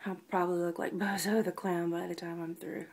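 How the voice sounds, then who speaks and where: A weak, out-of-breath woman lying down at home, talking softly in a personal video diary and often dropping to a whisper. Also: lowish voice, flat delivery, brisk, vocal fry, husky. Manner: tired, soft-spoken, often drops to a whisper. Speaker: vlogger.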